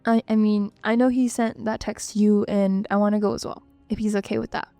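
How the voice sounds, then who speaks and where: A man voicing an eager young female student who stumbles over her words, pitched well above his own voice. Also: flat delivery, brisk, mellow, no room sound, faint music behind.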